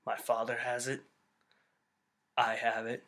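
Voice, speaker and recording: A man putting on the voice of an older male Jedi master, speaking low, slow and solemn. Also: monotone, pushed and bright.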